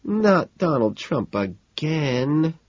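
A high-strung rich young woman whines and wails in a lifted, swooping voice, as a male reader puts her on. The audio sounds dry and a bit dull, like a plain booth recording. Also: sing-song, extremely slow, dry recording, full character voice. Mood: disapproving. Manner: whining, exasperated, melodramatic. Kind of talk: audiobook character voice.

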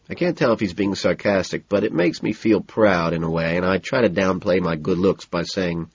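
A man narrating a novel in the first person in a cool, measured, understated way. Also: low-pitched, slightly rough, no room sound, dull audio. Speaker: audiobook narrator.

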